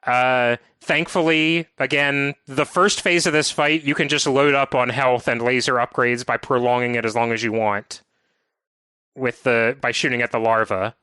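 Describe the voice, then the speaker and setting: Podcast host, male, bright and smooth voice, dry close sound, methodical recapper. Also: medium pitch, fairly even intonation, moderate pace, dry recording. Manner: detailed, methodical game walkthrough talk. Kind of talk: casual podcast chat.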